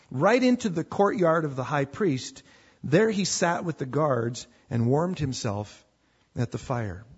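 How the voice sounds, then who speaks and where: Husky-voiced man preaching a sermon. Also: a little high, darkish tone, lo-fi sound. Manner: conversational, repeats words when restarting. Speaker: pastor. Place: church with a projector.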